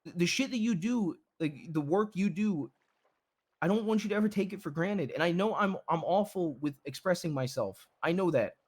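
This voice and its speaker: A man's voice: high-pitched, lively intonation, normal speed. A man playing a blunt, devoted husband who pleads earnestly and repeats himself as he comforts his wife in a game role-play. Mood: pleading.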